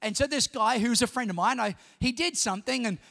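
A middle-aged Australian pastor preaches with animated storytelling that swells into shouts. His voice sits very high, with a gravelly edge. It rings out with a long reverb, as in a large hall. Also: a little fast. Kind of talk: sermon with personal stories.

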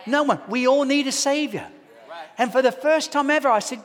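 High-voiced preacher in a reverberant hall. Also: male voice, normal speed. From Australia. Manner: animated storytelling, swinging from hushed to shouting. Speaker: pastor. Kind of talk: sermon.

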